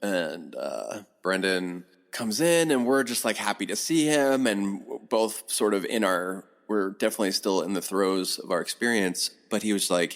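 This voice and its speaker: A middle-aged man, a podcast guest, telling a long rambling story in casual talk, animated and swearing often. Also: deep voice, normal speed, few pauses.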